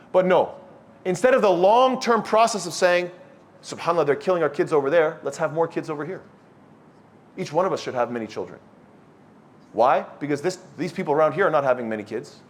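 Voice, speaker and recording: A man giving a blunt, scolding sermon to a youth circle, quizzing the audience with questions. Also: on the high side. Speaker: speaker at a youth study circle. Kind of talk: lecture-style sermon to a live audience.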